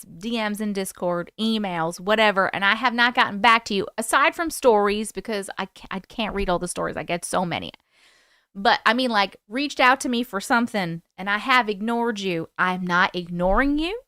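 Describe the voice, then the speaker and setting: A woman's voice: medium pitch, bright, forceful tone, clean tone, dry recording, studio quality. A young woman hosting a livestream, chatting casually and giggling as she reads out viewer comments. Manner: chatty, giggly, quickly distracted. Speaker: livestream host.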